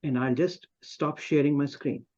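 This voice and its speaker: Slow, self-mocking man telling a story. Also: fairly high pitch, fairly even intonation, a little mellow, muffled recording. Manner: self-mocking, with pauses and restarts. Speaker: club speaker. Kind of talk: humorous personal storytelling speech. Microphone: video call.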